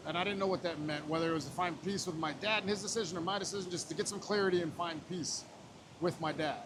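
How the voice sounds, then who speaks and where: A man's voice: sits high, fairly even intonation, fast talker, noisy background. Emotional man telling a raw story. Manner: raw, emotional, swears often, retells scenes with quoted voices. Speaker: podcast guest. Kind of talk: personal storytelling in casual talk.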